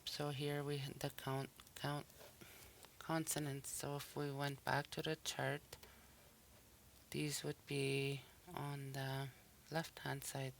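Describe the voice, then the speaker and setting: A language teacher giving a recorded pronunciation lesson, saying each example word slowly and then repeating it with care. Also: medium pitch, completely flat delivery, creaky, slight background noise.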